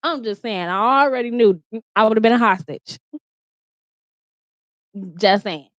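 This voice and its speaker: A woman's voice: a little high, unhurried. A woman recounting a personal story straight to camera in her bedroom. She talks casually and bluntly, swears freely, and keeps restarting her sentences. The sound is dry, with no room echo, and a little dull and lo-fi. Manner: candid, profane, lots of "like" and restarts. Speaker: vlogger.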